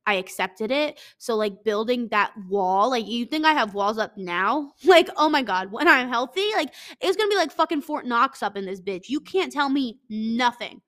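A woman's voice: on the high side, expressive, normal speed, few pauses, fairly bright tone. A woman in her twenties with a stuffy nose, talking casually and reading from an article, rambling, profane and self-mocking, with lots of "like.". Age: 20s.

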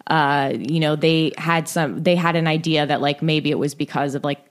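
A woman's voice: sits low, fairly even intonation, moderate pace. A young woman hosting a podcast, telling a true story in a casual, chatty way, full of "like" and restarts, sounding tired. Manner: chatty, many likes and restarts. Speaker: podcast host.

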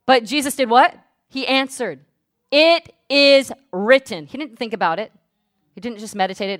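A woman pastor preaching a sermon. She swings from hushed asides to loud, fervent declarations. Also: fairly high pitch, normal speed, dry recording. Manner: speaks in tongues at full volume.

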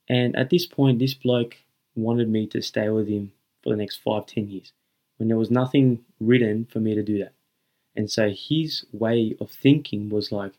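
A man's voice: lowish voice, steady tone, moderate pace, warm tone. A young man hosting a motivational podcast, talking earnestly and emphatically to his listeners and repeating his key points. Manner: earnest, emphatic and repetitive, addressing listeners as guys. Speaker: podcast host.

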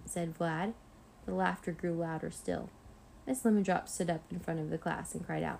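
A woman reads a children's chapter book aloud, gentle and steady. Her voice sits low with a gravelly fry, and a faint background hiss runs under it. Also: a little fast, low-quality recording. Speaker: storyteller. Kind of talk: children's storybook read-aloud.

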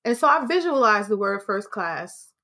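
A woman hosting a podcast, telling a story in casual, animated chat, swearing freely and acting out what people said. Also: mid-range voice, normal speed. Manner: animated, swearing, acts out quotes. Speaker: podcast host.

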